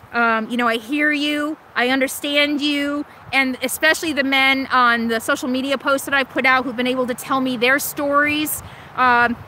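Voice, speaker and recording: Bright high-voiced woman chatting on a live stream. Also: low-quality recording. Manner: rambling, emotional, with many fillers and restarts. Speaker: vlogger hosting a live stream. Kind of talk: casual live-stream chat reading viewer comments. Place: RV camp in Alaska.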